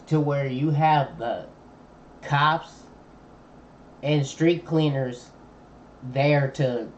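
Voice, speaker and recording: Streamer man, laid-back slangy reaction chat, unhurried, dull lo-fi mic with faint room noise. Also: mid-range voice. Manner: laid-back slangy chatter, thinking aloud. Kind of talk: casual live-stream reaction commentary.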